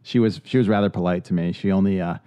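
A man's voice: sits low, steady tone, fast, mellow, clean tone, no echo, muffled recording. A man co-hosting a podcast in casual chat, joking around and laughing often. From Philadelphia area. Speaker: podcast co-host.

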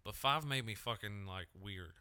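A man's voice: on the low side, moderate pace, sharp tone, clean tone, dry recording. A man co-hosting a podcast, swearing constantly and telling rambling stories in casual chat. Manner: swears constantly, tells stories in funny voices. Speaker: podcast co-host.

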